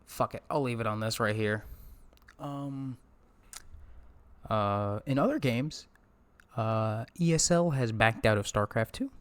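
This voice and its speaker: Man, podcast host, casual esports rant, lots of swearing, chats with viewers, mid pitch. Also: measured pace, pauses often, clean tone. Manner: profane, ranting, talks to live chat. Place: indoors at a streaming setup.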